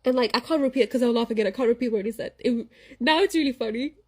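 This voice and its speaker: A young woman casually telling a spooky childhood story, rambling and animated, often stopping to ask "okay?". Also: fairly high pitch, racing. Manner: animated, rambling, frequent "like" and "okay?", laughing at herself. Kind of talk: casual spoken ghost story.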